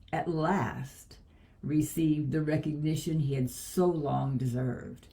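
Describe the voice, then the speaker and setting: Woman reading a storybook aloud. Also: deep voice. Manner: gentle, measured storybook reading. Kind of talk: reading a children's book aloud.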